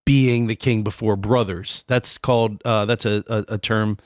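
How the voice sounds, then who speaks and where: A man's voice: on the low side, fairly even intonation, moderate pace, no echo, clean studio sound. A man co-hosting a casual podcast, explaining history in a loose, rambling way with many fillers. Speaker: podcast co-host.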